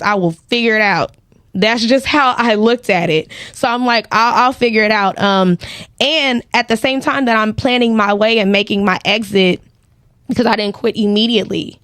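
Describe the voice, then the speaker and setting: Woman, fairly high voice, animated storytelling, acts out quotes, dry close sound. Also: dry recording. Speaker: guest, credit repair business owner. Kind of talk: casual storytelling in a podcast interview.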